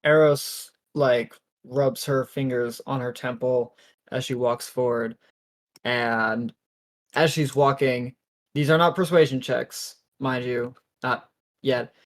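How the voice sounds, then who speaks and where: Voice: mid-range voice, slow pace. Casual, foul-mouthed player, joking as they narrate their turn. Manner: profane, joking, animated. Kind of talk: casual tabletop play.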